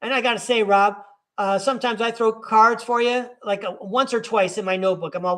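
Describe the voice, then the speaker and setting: A man's voice: sits high, normal speed, pushed and bright. A man hosting a live tarot reading in a casual, upbeat way, encouraging and speaking straight to his listener. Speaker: tarot reader and podcast host.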